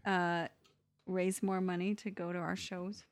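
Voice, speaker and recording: A woman's voice: fairly low pitch, level tone, unhurried, dry recording. A woman co-hosting a podcast, chatting casually and teasing her co-host with lots of fillers and laughs. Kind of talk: casual chat.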